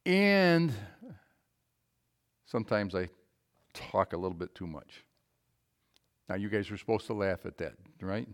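A male preacher giving a sermon to a congregation in a church, emphatic, putting questions to the listeners and moving between loud and quiet passages. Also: fairly low pitch, sing-song, measured pace, long pauses.

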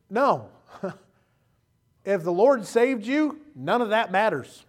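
A man preaching a sermon with passion, swinging from quiet asides to loud calls and acting out the voices of others. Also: high-pitched, expressive, slow. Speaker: pastor.

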